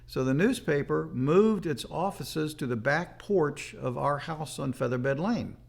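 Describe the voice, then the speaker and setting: Older man, gravelly voice, steady storytelling for a documentary interview. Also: on the high side, a little slow. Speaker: son recalling his father.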